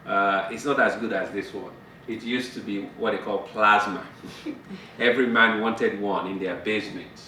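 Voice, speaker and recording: A man's voice: lowish voice, steady tone, moderate pace, sharp tone, slight background noise. A middle-aged man teaching a couples group about communication in a conversational way, laughing and acting out dialogue. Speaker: marriage counselor. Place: fellowship meeting room. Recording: roomy, from a distance.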